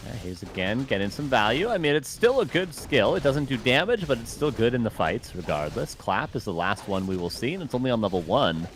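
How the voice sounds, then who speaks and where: A man giving analytical, measured live commentary on a strategy game match. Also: medium pitch, big pitch swings, a little hiss or hum. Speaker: esports commentator.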